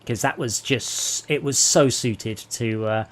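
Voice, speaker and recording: A man's voice: mid-range voice, slow pace. A man hosting a late-night gaming stream, rambling and telling jokes in casual chat. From England. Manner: rambling, animated storyteller. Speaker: streamer host.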